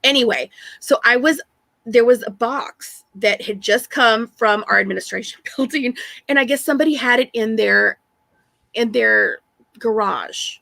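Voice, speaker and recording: Chatty woman on a live stream, high and bright, dry close sound, keeps restarting her sentences. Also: moderate pace, creaky, no room sound. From Texas. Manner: chatty storyteller, rambling with many restarts. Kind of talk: casual chat on a live stream.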